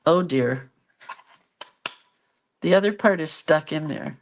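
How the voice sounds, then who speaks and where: Woman, middle-aged, casual craft vlog chat, self-deprecating, lowish voice. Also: takes it slowly, a little hiss or hum. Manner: chatty, self-deprecating, talks to viewers while working. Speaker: craft vlogger.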